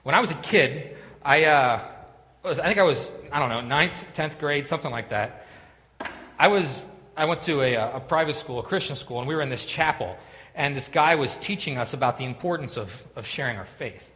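A man's voice: mid-range voice, expressive, fairly quick, sharp tone, slight background noise. A man preaching a sermon in a church, telling a story with many restarts and asides. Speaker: pastor. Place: church sanctuary. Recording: long reverb of a church hall.

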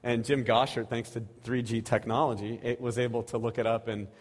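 A man's voice: mid-range voice, level tone, fairly quick. A man in his thirties or forties giving a casual, self-deprecating sermon and prayer at a church, rambling with restarts and chuckles. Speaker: lay preacher. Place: church sanctuary. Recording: reverberant church hall.

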